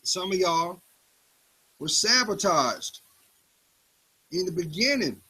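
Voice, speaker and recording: A man giving an emphatic motivational talk in a preachy style, swinging his pitch up and down for effect. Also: very animated, takes it slowly, pushed and bright, slightly rough, poor audio. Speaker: motivational speaker.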